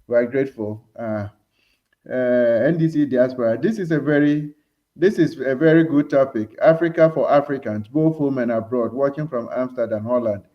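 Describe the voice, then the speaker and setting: A man hosting a live talk show, speaking in a measured way with many hesitant fillers as he reads out viewer messages. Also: medium pitch. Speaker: show host. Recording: dull lo-fi stream audio.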